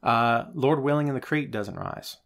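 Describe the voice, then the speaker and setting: A man's voice: medium pitch, normal speed, vocal fry. A male wrestling talk show host ranting at his viewers while he reads out their comments, a bit out of breath. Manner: animated, rhetorical, ranting to viewers. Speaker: podcast host.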